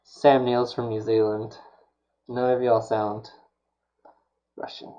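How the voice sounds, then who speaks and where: A man's voice: mid-range voice, flat delivery, takes it slowly, warm tone, a little hiss or hum. Guy rambling on his stream while he works, lots of uhs, kinda dull lo-fi audio. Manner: rambling, chatty, many fillers. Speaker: streamer building a prop. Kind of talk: casual chat while working.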